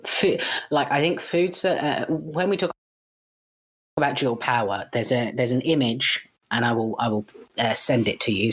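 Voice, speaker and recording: Husky, blunt, fired-up man. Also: medium pitch, a bit bright. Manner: blunt and fired-up, swears freely; frequent false starts and self-corrections. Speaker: podcast guest. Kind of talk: unscripted podcast discussion.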